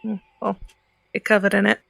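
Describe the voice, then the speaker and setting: A woman's voice: medium pitch, monotone, fairly quick, creaky, fairly bright tone, no room sound, voice pushed down. A woman playing a sassy Cockney fairy. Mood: mocking. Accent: soft Cockney. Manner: sassy, scolding, sarcastic. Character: sharp-tongued scolding female fairy.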